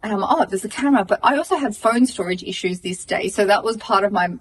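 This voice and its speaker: Animated Australian woman telling a story. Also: medium pitch, fast, distant mic, slight background noise, low-quality recording. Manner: animated, swearing, acts out dialogue. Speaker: podcast co-host. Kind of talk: casual storytelling chat.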